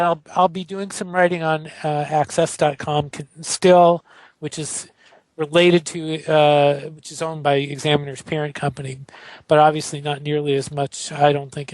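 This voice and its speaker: A man's voice: a little high, no room sound. A man co-hosting a podcast, talking casually with many fillers and restarts. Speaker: podcast co-host.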